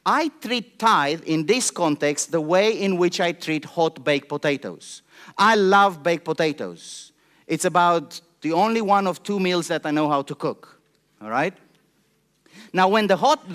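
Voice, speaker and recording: A man preaching a family church service, his voice sitting high and swinging widely in pitch. He speaks with passion and keeps putting questions to the congregation. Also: animated, unhurried, a bit bright. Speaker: pastor. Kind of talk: sermon.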